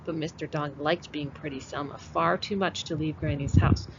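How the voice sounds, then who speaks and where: A kindergarten teacher, a woman, reading a picture book aloud to children and walking them through it in an expressive way. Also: deep voice, normal speed. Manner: expressive, animated read-aloud. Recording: dull lo-fi with faint hiss.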